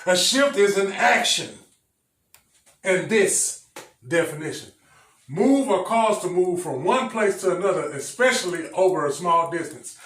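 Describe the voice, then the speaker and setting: A male preacher with a high voice teaches a sermon. He speaks emphatically and repeats his phrases for the listeners. The sound is echoey and picked up from some distance away. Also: fairly bright tone. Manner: emphatic, repetitive, addresses the congregation directly. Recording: echoey room, mic at a distance.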